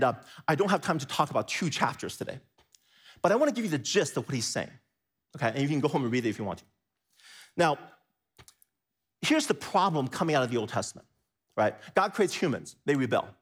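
A man preaching a sermon, asking his listeners questions and repeating phrases, swinging from quiet low stretches to high excited bursts. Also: slightly rough.

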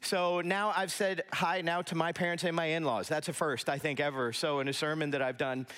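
A man's voice: on the high side, steady tone, brisk, fairly bright tone, clean tone. Conversational man preaching a sermon. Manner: conversational, storytelling with asides. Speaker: pastor. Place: church sanctuary.

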